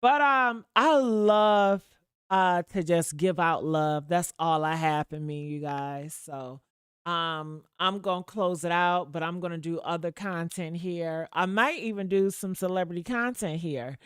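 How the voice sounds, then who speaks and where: A woman hosting a livestream, chatting casually with her viewers in a profane, gossipy way with sudden loud outbursts. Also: on the low side, a little slow, smooth, no room sound, clean studio sound. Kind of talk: casual gossip commentary to a live chat.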